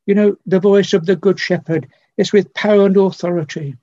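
An older man preaching a sermon, earnest and pleading, with repeated phrases and long pauses. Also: high voice, fairly even intonation, warm tone, no echo. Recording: dull lo-fi recording.

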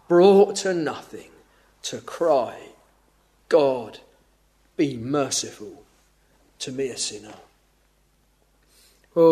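A man preaching an evening sermon, earnest and measured, often falling to a hushed, pleading tone. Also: on the high side.

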